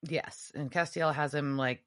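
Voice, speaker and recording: A woman's voice: deep voice, steady tone, a little slow, a bit bright. A woman co-hosting a podcast, casually retelling a TV episode and acting out the characters' lines. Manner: retells scenes acting out quotes. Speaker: podcast co-host. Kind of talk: casual recap chat.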